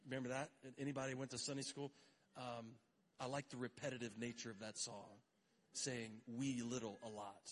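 A man's voice: mid-range voice, steady tone, a little fast. A middle-aged man preaching a sermon as pastor in a casual, conversational way, with joking asides and brief acted-out quotes.

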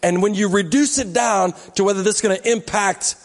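A man's voice: high-pitched, a little fast, big-room sound. A male pastor giving a sermon in a conversational way, with joking asides to the congregation. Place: church sanctuary.

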